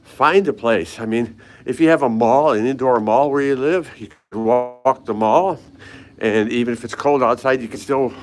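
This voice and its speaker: A man's voice: mid-range voice, a little hiss or hum. An older man casually chatting with live viewers as he walks hotel hallways and stairwells, a little out of breath, greeting people by name. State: slightly out of breath from climbing stairs. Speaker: fitness vlogger. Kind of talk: casual live-stream walk vlog.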